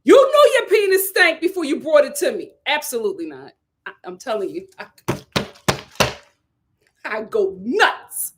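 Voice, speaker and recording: Woman, live-stream reality-tv commentary, fairly high voice, swings from loud outbursts to low mutters. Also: a little slow, pauses often, a little hiss or hum. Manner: animated, repeats lines for emphasis, swings between loud outbursts and low mutters. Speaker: YouTube reality-TV reviewer.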